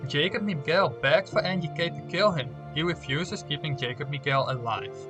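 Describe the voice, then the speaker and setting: Young male streamer, higher voice with a bright edge, playful, chats to his viewers over soft music. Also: normal speed. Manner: playful, talks straight to viewers. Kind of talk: live stream chat, reading game results aloud.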